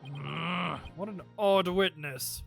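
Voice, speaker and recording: A woman's voice: on the low side, takes it slowly, gravelly, faint music behind, pitched below the performer's own voice, heavily acted. A woman voicing a fussy, easily flustered elderly male judge in a courtroom game. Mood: bemused.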